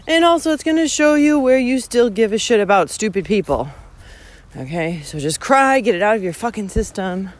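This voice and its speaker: A woman's voice: mid-range voice, expressive, normal speed. A woman hiking vlogger talking casually and bluntly on the trail, swearing a lot and laughing often as she rants. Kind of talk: casual rant while walking.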